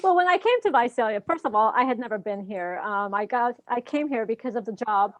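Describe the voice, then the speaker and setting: A woman's voice: fairly high pitch, lively intonation, a little fast, no echo. A woman lawyer from California, telling a chatty, self-mocking story in an interview over a video call and laughing often. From California, USA. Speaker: lawyer, guest presenter.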